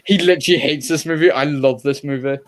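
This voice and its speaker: Man, casual movie chat, rambling, stammers, swears, slightly high pitch. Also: fast.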